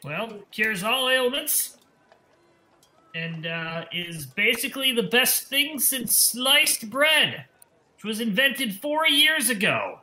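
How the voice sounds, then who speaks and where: A man doing a loud, pushy tonic peddler. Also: very animated, slow, reverberant, full character voice. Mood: hawking, boastful. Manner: booming sales pitch, yelling to a crowd.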